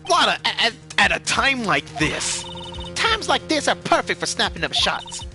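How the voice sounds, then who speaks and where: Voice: mid-range voice, sing-song, normal speed, pushed and bright, soft background music, voice pushed up. A streamer voicing a brash, nosy young country photographer with a put-on Southern accent, in a let's-play. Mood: flustered. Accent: put-on American Southern. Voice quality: twangy, folksy.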